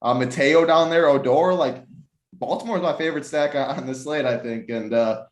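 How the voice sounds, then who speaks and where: A man's voice: on the high side, normal speed. Rambling male analyst in an echoey room. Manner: rambling, thinks aloud. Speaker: sports betting analyst. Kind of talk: casual podcast chat. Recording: roomy echoey mic.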